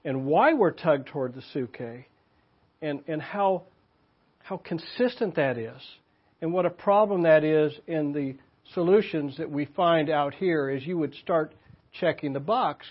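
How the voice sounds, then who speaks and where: A man's voice: on the high side, animated, a little slow, slightly rough. An older man giving a sermon in a church, teaching in a conversational way and asking the congregation questions. His voice sounds slightly muffled. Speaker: pastor. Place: church meeting room.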